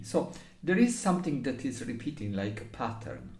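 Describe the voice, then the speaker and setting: A man teaches how to phrase a recorder piece in Italian-accented, non-native English, hesitating sometimes and singing sections on syllables. His mid-range, slightly mellow voice swings hugely in pitch at a moderate pace, in an echoey room.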